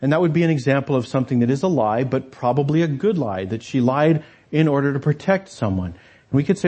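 Man, pastor preaching, husky voice, conversational sermon, rhetorical asides. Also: mid-range voice, lively intonation, fast talker, a little mellow.

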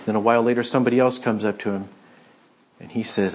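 A man preaching a conversational sermon, retelling a scripture story and voicing its speakers in quick asides. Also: medium pitch, steady tone, a little hiss or hum. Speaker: pastor.

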